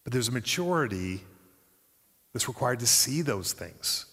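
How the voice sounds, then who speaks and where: Male pastor mid-sermon, animated, acts out quotes, long hall reverb. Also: medium pitch, measured pace, slightly rough.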